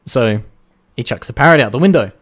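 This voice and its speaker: A man co-hosting a podcast, telling jokes in casual chat, animated and swearing. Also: medium pitch, a little fast. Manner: animated storyteller, swearing, laughs at his own jokes. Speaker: podcast co-host.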